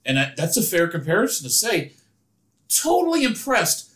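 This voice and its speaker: Lively opinionated man co-hosting a podcast. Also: sits high, normal speed. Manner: animated and opinionated, often restarts sentences. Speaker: podcast co-host. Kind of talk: casual chat.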